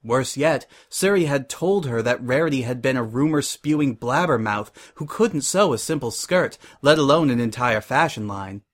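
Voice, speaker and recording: A man's voice: medium pitch, lively intonation, moderate pace, hardly any pauses. Man reading a story aloud. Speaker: narrator. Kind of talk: storybook fan fiction reading.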